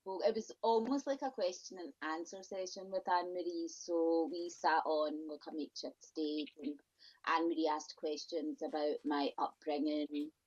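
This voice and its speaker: A woman's voice: sits low, fairly even intonation, darkish tone. Outspoken woman on a dull lo-fi line. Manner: outspoken, exasperated, quick asides. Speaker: podcast guest. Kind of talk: casual interview chat. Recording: dull lo-fi audio.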